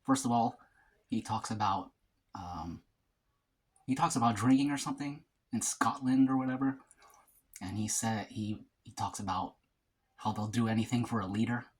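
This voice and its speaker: A man's voice: lowish voice, normal speed, long pauses, slightly rough. A man who runs a food vlog, chatting casually and rambling through a story between bites of his meal. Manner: casual slang, frequent fillers and restarts. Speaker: mukbang vlogger. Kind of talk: casual storytelling while eating.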